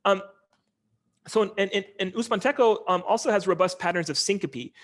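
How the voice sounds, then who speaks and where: A man giving an informal linguistics lecture over a video call, talking in a relaxed, conversational way with many ums and uhs. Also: sits high, a little fast.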